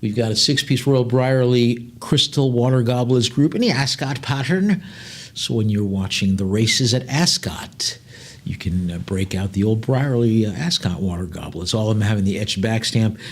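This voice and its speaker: A man's voice: mid-range voice, moderate pace. A man working as an auctioneer at a live online sale, rattling off bid calls and tossing in chatty jokes between lots.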